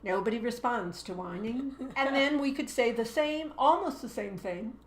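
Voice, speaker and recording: A woman's voice: fairly high pitch, lively intonation, moderate pace, reverberant, a little hiss or hum. A woman teacher co-hosting a casual chat, explaining ideas at length and acting out voices as examples. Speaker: teacher and co-host. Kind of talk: casual two-person chat.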